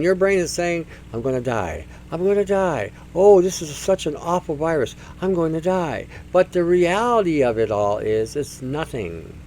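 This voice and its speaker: A man's voice: fairly high pitch, a little mellow, a little hiss or hum. A man hosting a talk show, speaking in a rambling, emphatic monologue that circles back on itself. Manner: rambling, emphatic, repeats himself. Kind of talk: casual monologue.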